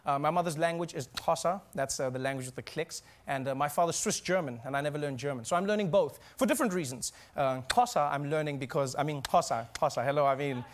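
A man from South Africa performing a stand-up comedy set on stage, animated and acting out little voices. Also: a little high, fast talker, hardly any pauses. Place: theater stage before a live audience.

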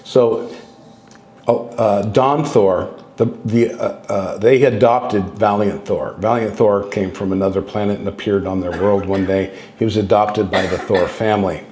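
A man in his sixties talks as a guest speaker in a loose, digressive storytelling way, often breaking off and restarting his sentences. His voice sits on the lower side. The recording has a roomy, echoing sound. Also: steady tone, a little slow, a little mellow, slight background noise. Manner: loose and digressive, with frequent restarts and acted quotes. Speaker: guest speaker on contact experiences. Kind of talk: rambling anecdotal storytelling.

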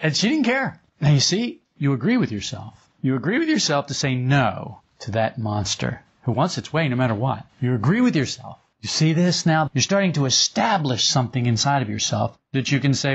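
A man's voice: medium pitch, expressive, brisk, slightly rough. A man teaching a group in an informal spiritual talk, conversational and chuckling often. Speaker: esoteric teacher. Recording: dull lo-fi recording.

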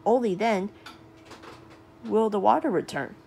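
A woman's voice: medium pitch, unhurried, vocal fry, a little mellow, a little hiss or hum. A woman reading a storybook aloud, voicing a loyal male servant who explains and grumbles. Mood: explaining.

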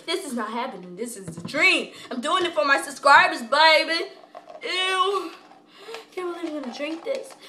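A woman vlogging casually from a home kitchen, excitable and dramatic, with squealing reactions. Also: sits high, normal speed, echoey room, a little hiss or hum. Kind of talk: casual vlog chat.

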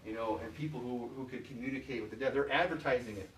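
A man's voice: mid-range voice, fast talker, slight background noise. Michigan guy preaching a chatty sermon, lots of you knows, mic far off in an echoey church. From Michigan, USA. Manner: conversational, many "you know"s, asks the congregation questions. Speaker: pastor. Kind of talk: informal sermon. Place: church sanctuary.

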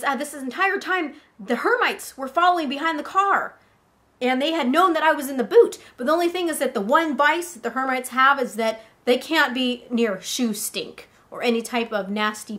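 A woman with a high, light voice spins a first-person adventure for her vlog. She talks in a casual, animated way, piling one event onto the next. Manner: animated, breathless tale-telling. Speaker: vlogger.

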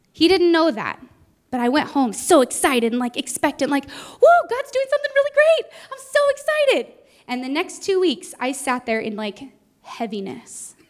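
High-voiced woman preaching a sermon. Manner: earnest, personal storytelling with acted-out quotes. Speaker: guest preacher. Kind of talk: Sunday sermon. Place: church sanctuary.

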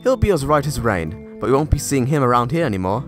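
A man's voice: mid-range voice, sing-song, fast, faint music behind, natural voice. A man voicing a gossipy male engine who chortles as he shares news, in a storybook tale. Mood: gleeful. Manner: gleeful, gossipy. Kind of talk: storybook character voice.

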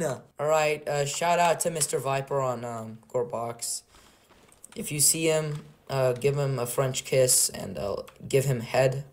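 A young man hosting a game server, commentating in a casual, excitable and joking way at a desk mic. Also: medium pitch, measured pace. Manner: excitable, joking and laughing, trolling players. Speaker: game server host and YouTuber.

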